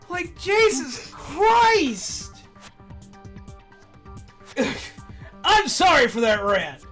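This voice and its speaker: Brief: woman streamer, high voice, profane casual rant, faint game music behind. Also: extremely slow, long pauses. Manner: animated, swearing, laughing ranting. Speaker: streamer host. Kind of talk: casual ranting chat.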